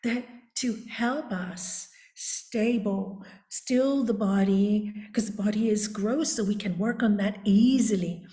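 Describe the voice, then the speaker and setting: Woman, yoga teacher, interview guest, warm voice, deliberate storytelling, echoey room. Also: mid-range voice. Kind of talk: reflective storytelling. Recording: roomy echo.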